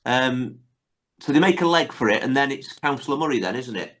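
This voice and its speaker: A man's voice: medium pitch, expressive, fairly quick, fairly bright tone. A man hosting a podcast, casually retelling sitcom scenes with many tag questions. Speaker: podcast host. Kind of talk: casual chat recapping a sitcom episode.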